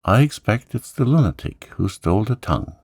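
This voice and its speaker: A man's voice: fairly low pitch, sing-song, fairly quick, vocal fry, a little mellow, no echo, studio quality, pitched above the performer's own voice, heavily acted. A man doing a fussy, alarmed old vicar. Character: excitable old male village vicar.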